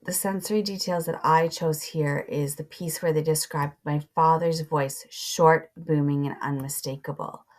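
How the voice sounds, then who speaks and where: A woman with a notably low voice walks students through a reading passage, slow and deliberate. She pauses now and then to mark up the text, and keyboard typing can be heard behind her. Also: fairly even intonation. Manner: slow, deliberate teaching voice, pausing to annotate. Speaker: teacher.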